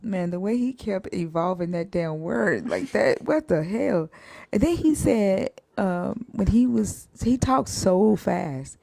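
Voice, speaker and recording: Woman retelling stuff on a podcast, kinda gravelly, laughs a lot, dry close sound. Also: mid-range voice, slow pace, no echo. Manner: animated, laughing storyteller. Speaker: podcast co-host. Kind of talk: casual chat.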